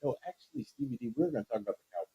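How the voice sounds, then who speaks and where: A man co-hosting a sports talk show, agreeing in a halting way and repeating words as he starts. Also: fairly high pitch, huge pitch swings, vocal fry, warm tone, breathy edge, highs cut off. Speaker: sports podcast co-host.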